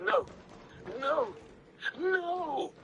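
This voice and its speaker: A man's voice: sits high, big pitch swings, moderate pace, creaky, bright, forceful tone, highs cut off, a little hiss or hum, pitched above the performer's own voice, heavily acted. A man voicing a tormented young man who is intense and bitter. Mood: anguished. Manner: intense, rising to near hysteria.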